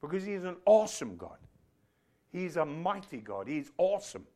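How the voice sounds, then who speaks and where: Fervent preacher, a man with a raised pitch. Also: sing-song, fairly quick. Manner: fervent, rising to shouts. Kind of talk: sermon.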